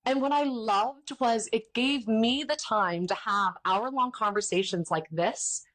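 A woman's voice: on the high side, unhurried. Chatty, candid woman in her thirties. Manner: chatty, candid, animated retelling with voiced quotes. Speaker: podcast host and ministry founder. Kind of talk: casual interview chat.

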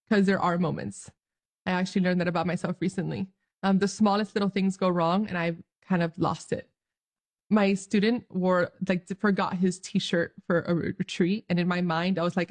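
A woman's voice: medium pitch, darkish tone. A young woman giving an earnest, joyful faith talk straight to her viewers, laughing often as she speaks. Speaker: Catholic speaker.

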